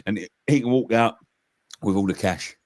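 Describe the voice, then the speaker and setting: A man's voice: fairly low pitch, normal speed, darkish tone. A man, a passionate football fan pundit arguing heatedly and swearing in a casual debate. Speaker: West Ham fan pundit.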